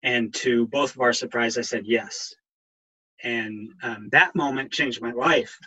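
Middle-aged male guest, husky and bright, halting and emotional personal storytelling. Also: medium pitch, poor audio. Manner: halting, many ums, voice catching with emotion. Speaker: guest, counselor and veteran in recovery.

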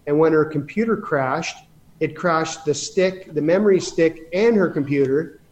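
A man's voice: a little high, normal speed, a little mellow. A man telling rambling stories about running his business in a casual interview, with many restarts. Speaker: guest.

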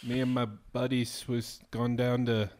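A man's voice: medium pitch, monotone, unhurried, a little mellow. A drunk man telling crude stories and laughing in rowdy casual chat with friends. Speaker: podcast co-host.

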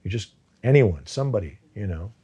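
Brief: actor as interview guest, husky low voice, rambling and casual. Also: male voice, animated, fairly quick, dark tone, lo-fi sound. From United States. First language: Farsi. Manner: rambling, many restarts and fillers.

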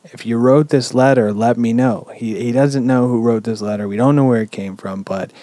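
A man hosting a podcast, telling a story in a relaxed, chatty way with lots of "um"s and casual swearing. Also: mid-range voice, normal speed, dry recording. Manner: relaxed, swears freely, many "um"s. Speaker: podcast host.

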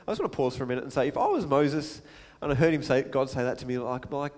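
A man's voice: fairly high pitch, fairly quick, hardly any pauses, big-room sound. A man preaching a sermon in a conversational way, stopping for asides and acting out the quotes he reads.

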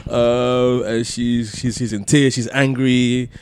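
A man telling a long personal story on a podcast, full of restarts and soft laughs. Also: mid-range voice, flat delivery, takes it slowly, a little hiss or hum. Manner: rambling, many restarts, laughs between phrases. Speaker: podcast co-host. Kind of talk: casual storytelling chat.

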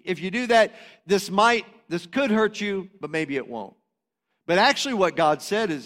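A man preaches with real fervor, his voice sitting high and rising into loud, emphatic bursts before dropping back to a calmer teaching tone. The sound carries a long reverb, as from a large church sanctuary. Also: normal speed. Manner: passionate, swings between loud emphatic preaching and quieter explaining. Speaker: pastor. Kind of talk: sermon.

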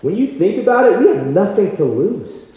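A young man preaches with passion and swings between loud bursts and low, quiet endings. His somewhat high voice rings through a large echoing hall. The sound is a little dull. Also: big pitch swings, moderate pace. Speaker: campus retreat speaker. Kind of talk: sermon with personal story.

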